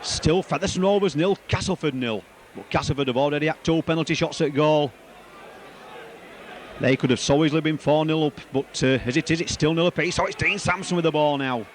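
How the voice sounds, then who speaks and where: A man giving live rugby league match commentary, excitable and rambling, repeating player names as the play moves. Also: a little high, a little fast, a little hiss or hum.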